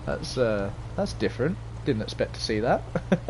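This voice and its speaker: A man's voice: medium pitch, big pitch swings, moderate pace, darkish tone, a little hiss or hum. A young man casually commenting on a driving game as he streams live, rambling and hesitant, chatting with viewers. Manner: rambling, hesitant, chatty, reads chat aloud. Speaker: gaming streamer.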